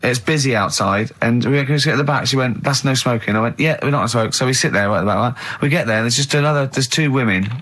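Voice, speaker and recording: A man, hosting a radio show with teasing, animated banter and long stories. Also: mid-range voice, fast talker, hardly any pauses. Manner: teasing, mocking, animated storyteller. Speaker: radio host. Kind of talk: casual studio banter. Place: radio studio.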